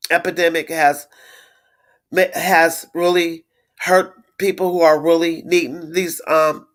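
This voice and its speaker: A woman's voice: on the low side, a bit bright. Blunt, indignant middle-aged woman livestreaming. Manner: blunt, indignant, swears freely; repeats words, reads viewer comments aloud. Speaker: livestream host. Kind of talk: casual live-stream chat.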